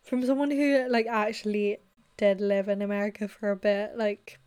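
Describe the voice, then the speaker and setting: A woman's voice: medium pitch, little pitch movement, normal speed, a little mellow, clean tone. A young English woman hosting a podcast, chatty and laughing often. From England. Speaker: podcast host. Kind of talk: casual podcast chat.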